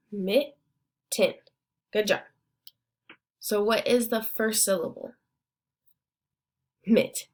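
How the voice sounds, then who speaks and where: Slow, encouraging woman teaching phonics. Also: high-pitched, darkish tone. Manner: encouraging, repeats words slowly and syllable by syllable. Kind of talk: classroom phonics lesson.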